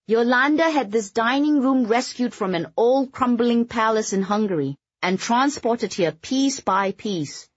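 A woman's voice: mid-range voice, huge pitch swings, moderate pace, husky, no room sound, muffled recording, pitched above the performer's own voice. A woman voicing a proud, eager society woman who explains the house to guests in an audiobook.

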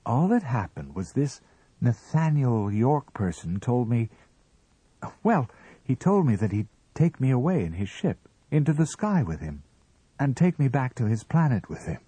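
A man voicing a young wife in a read-aloud story, lifting his voice high and light for her. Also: sing-song, unhurried, dark tone, breathy edge, no echo, rough recording. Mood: bemused. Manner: light, raised voice for a woman. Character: young wife, dreamy and gently amused woman.

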